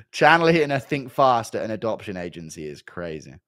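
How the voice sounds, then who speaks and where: Young man, casual stream chat, lively swooping pitch, swears a lot, laughs often. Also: moderate pace, no room sound. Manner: laughing, profane, mock-exasperated. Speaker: streamer reading paid chat messages.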